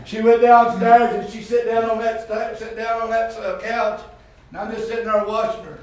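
High-voiced preacher in echoey room. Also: male voice, flat delivery, normal speed, distant mic. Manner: folksy storytelling, rising to shouts. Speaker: pastor. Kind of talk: preaching a sermon with testimony. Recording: echoey room heard from afar.

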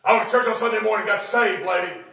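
A preacher putting on a gruff rough-edged convert. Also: male voice, high voice, fast talker, voice pushed up, full character voice. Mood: earnest. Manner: loud, excited preaching delivery. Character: rough ex-addict man, blunt and gruff. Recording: echoey room, distant mic.

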